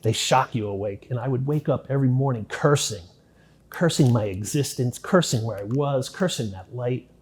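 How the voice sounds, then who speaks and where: A middle-aged man telling his own life story in an interview, speaking candidly, swearing casually and dropping very low at the darkest parts. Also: normal speed. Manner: candid, drops to near-quiet at grim moments, swears casually. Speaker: interview guest.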